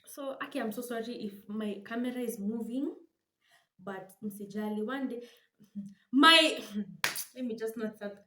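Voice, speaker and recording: A young Kenyan woman telling a dramatic, animated storytime for her vlog, switching languages with laughing asides. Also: fairly high pitch, unhurried, pauses often, reverberant. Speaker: vlogger.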